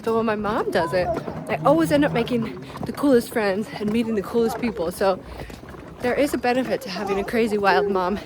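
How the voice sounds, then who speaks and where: A woman's voice: fairly high pitch, fairly quick. A Canadian woman in her thirties chatting casually to camera in a vlog, laughing often and dropping German words into her English. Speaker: vlogger, mother.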